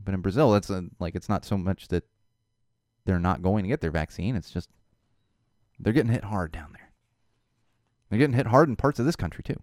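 A man hosting his own show, talking in an animated, emphatic monologue. When he gets upset he repeats words. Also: sits low, a little fast, pauses often, dry recording, clean studio sound. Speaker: show host. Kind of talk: casual monologue.

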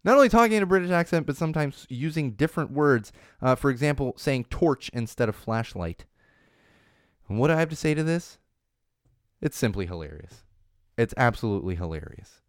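A man in his thirties hosts a casual live-streamed talk show in a smooth, resonant voice of middle pitch. He rambles in a chatty way and keeps restarting his sentences. The sound is dry and close. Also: lively intonation, brisk, dry recording. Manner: chatty, rambling, self-interrupting. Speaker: show host. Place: studio in Los Angeles.

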